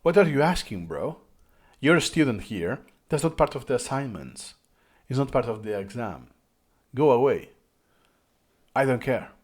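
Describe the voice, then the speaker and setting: A dismissive teacher with no patience for questions, short and scoffing in every word. A man acts him out while telling a story. His pitch leaps around as he brushes the student off. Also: big pitch swings, normal speed, long pauses. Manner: curt, scoffing.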